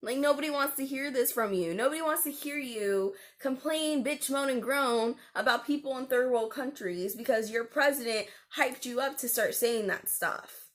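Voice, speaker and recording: A young woman vlogger tells a story at a normal speed in a high-pitched, fairly bright voice. She's animated and indignant as she recounts a customer call from her call center job, filling her speech with lots of fillers.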